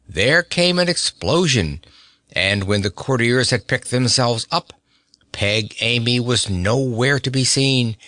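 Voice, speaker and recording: A man's voice: pushed and bright, no room sound, studio quality. A man reading a children's fantasy novel aloud, lifting his voice for the characters' lines. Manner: raises pitch for quoted characters. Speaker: audiobook narrator. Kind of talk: storybook narration with character voices.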